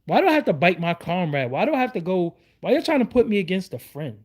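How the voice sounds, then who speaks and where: A middle-aged New man hosts his online show in a heated rant, firing off one rhetorical question after another. His voice sits high and swings widely in pitch as he talks. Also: very animated, fast talker, darkish tone. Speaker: YouTube show host. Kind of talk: livestream rant.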